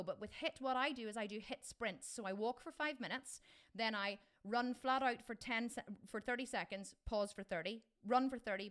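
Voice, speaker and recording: A woman's voice: on the high side, fairly bright tone. Chatty, enthusiastic woman fitness coach. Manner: enthusiastic, chatty, rambling with restarts. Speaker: vegan fitness coach, live Q&A host. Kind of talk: casual live Q&A.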